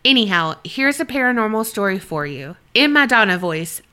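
A woman co-hosts a paranormal podcast, chatting frankly and laughing easily. Her voice has a bright, forward edge. She reads listener emails aloud in a relaxed, conversational way. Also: mid-range voice, normal speed, smooth. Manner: candid, swears freely, laughs often. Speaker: podcast co-host. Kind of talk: casual chat and reading listener stories.

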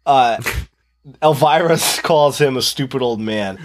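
A man's voice: mid-range voice, slow, a little hiss or hum. A young man co-hosting a casual horror movie podcast, amused and recounting scenes. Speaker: podcast co-host.

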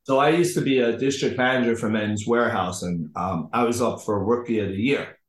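A man, a guest on a podcast, tells a long personal story in casual chat and acts out the voices of the people in it. His voice sits at a middle pitch. The room around him is roomy and echoey. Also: a little fast. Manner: animated storyteller acting out the people in his stories.

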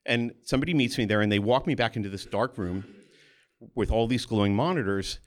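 Speaking a little fast in a fairly low voice, a pediatric oncologist shares his own story on stage. His delivery is conversational and animated, with small restarts, and he performs the voices of the others he quotes.

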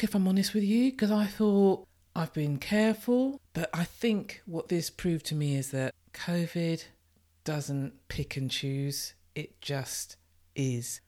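A woman's voice: sits low, darkish tone. Woman, podcast host, solo casual monologue, blunt and sweary, stuffy head-cold voice. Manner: candid, chatty and swears freely. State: congested from a lingering head cold.

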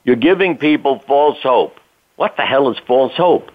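An older man, a doctor appearing as a guest, tells stories in a relaxed, conversational way, chuckling and acting out what people said. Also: mid-range voice, moderate pace. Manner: conversational storyteller, chuckling, acts out quotes. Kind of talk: casual storytelling interview. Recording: tinny phone line.

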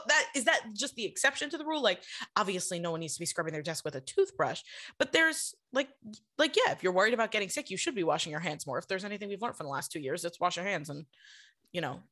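A woman's voice: lowish voice, fairly bright tone. Woman host asking questions in casual chat. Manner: thinks aloud with restarts.

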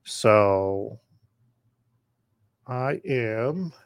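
A podcast host talks very slowly in a mid-range, gravelly voice with lively intonation, sounding slightly worn. In casual live drafting commentary, he chats in a rambling way and answers viewer comments, with no room sound.

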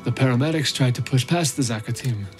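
A man's voice: mid-range voice, quick pace, close to an everyday voice. A haunted male rescue volunteer recounts his ordeal in a raw, intense first-person monologue, as an actor plays him. His voice sits in an ordinary middle range, and faint music runs beneath it. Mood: shaken. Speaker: narrator.

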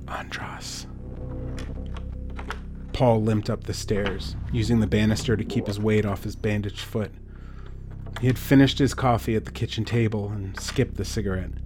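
A man reading a scripted horror story in a measured way, dropping to a hush at tense moments. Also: on the low side. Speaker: narrator. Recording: faint music underneath.

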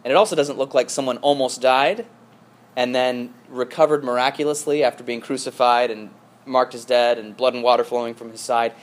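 Male pastor, mid-pitched, preaching casually with asides and restarts. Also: steady tone, brisk. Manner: conversational storytelling with asides. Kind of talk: sermon.

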